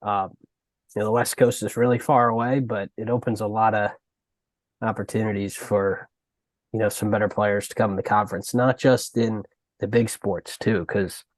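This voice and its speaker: A man's voice: on the low side, level tone, normal speed, no echo. A man co-hosting a sports podcast, speaking casually and a bit hesitantly, with many "like" and "um" fillers. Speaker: podcast co-host.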